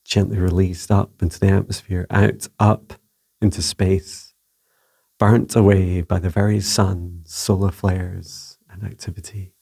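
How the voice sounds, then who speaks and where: A man channeling a serene earth spirit, speaking slowly and solemnly as in an invocation. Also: low-pitched, level tone, gravelly, dark tone, slightly rough, full character voice.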